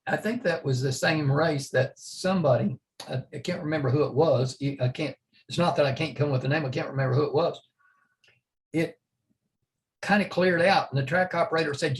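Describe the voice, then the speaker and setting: A man's voice: fairly high pitch, fairly quick. An older man from Oklahoma telling rambling, chuckling stories as an interview guest. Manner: rambling anecdotes, chuckling often. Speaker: interview guest, retired drag racer. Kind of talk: casual storytelling.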